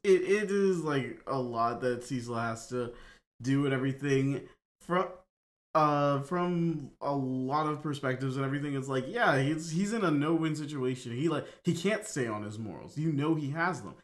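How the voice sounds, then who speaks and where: A man chats on a podcast in a loose, rambling way, circling back on his words before landing a point. His voice has an everyday middle pitch. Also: normal speed. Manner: rambling, many fillers and restarts, laughs at himself. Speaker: podcast co-host. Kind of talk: casual podcast discussion.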